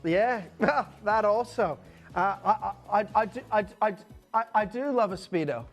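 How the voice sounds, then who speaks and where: A man's voice: high-pitched, moderate pace, faint music behind. A man presenting live on a shopping channel, calling out prices and bantering with his co-host. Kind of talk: live auction selling. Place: TV studio.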